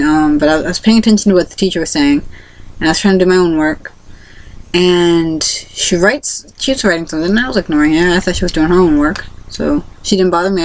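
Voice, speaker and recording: A young woman talks to her camera in a loose, rambling way, with lots of fillers and false starts. Her voice sits a little low for a woman. She tells her story plainly as a vlogger. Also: rough recording. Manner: rambling, full of fillers and restarts.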